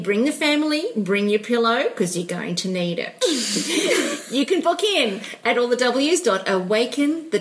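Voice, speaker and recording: A woman hosting a podcast, effusive and quick to laugh as she chats and wraps up the show. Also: mid-range voice. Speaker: podcast host. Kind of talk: casual podcast chat and sign-off.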